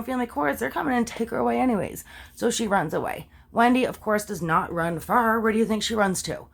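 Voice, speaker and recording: Chatty woman telling a true-crime story. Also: a little high. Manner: chatty, digressive, full of fillers and asides; talks straight to viewers with questions.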